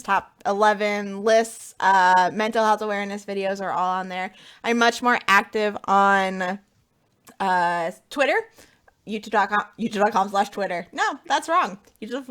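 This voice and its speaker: A woman's voice: medium pitch, fairly bright tone, clear, resonant tone. A woman hosting a casual podcast, chatty and giggly with lots of ums. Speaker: podcast host. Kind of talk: casual chat.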